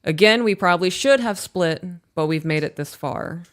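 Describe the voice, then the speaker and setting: Woman host reading emails on a live stream, low smooth voice, blunt and sweary. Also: moderate pace. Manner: blunt, frank, swears casually.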